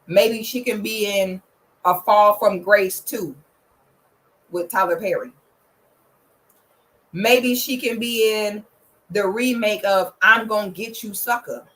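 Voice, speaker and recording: A young woman giving blunt, profane, big-sister style commentary in a casual vlog, slipping into loud playful shouting now and then. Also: takes it slowly, long pauses, rough recording. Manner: bursts into loud playful shouting when pitching her membership. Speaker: vlogger commenting on celebrity relationships.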